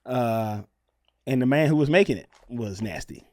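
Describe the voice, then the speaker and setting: A man co-hosting a chatty podcast, telling stories with animated exclamations. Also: medium pitch, moderate pace, no echo, clean studio sound. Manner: animated storyteller with excited exclamations. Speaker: podcast co-host. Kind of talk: casual chat.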